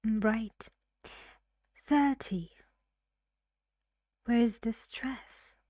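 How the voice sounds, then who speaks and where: A woman's voice: medium pitch, drawn-out words, mellow, no room sound, clean studio sound. A woman who is a native Persian speaker, teaching English pronunciation in a recorded lesson, explaining carefully and often asking the learner questions.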